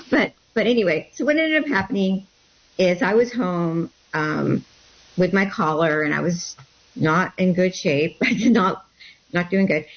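Woman guest telling her story, acts out quotes, lowish voice, kinda muffled lo-fi sound. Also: unhurried. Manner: animated storytelling, acting out quotes. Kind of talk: storytelling in an interview. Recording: dull lo-fi sound.

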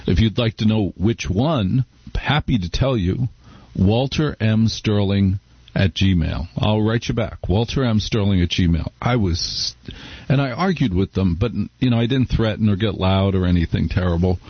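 A man's voice: on the low side, moderate pace, breathy edge, dry recording, muffled recording. A middle-aged man hosting a talk radio show, chatting in a wry, rambling, conversational way. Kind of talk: casual talk radio monologue. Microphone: studio microphone.

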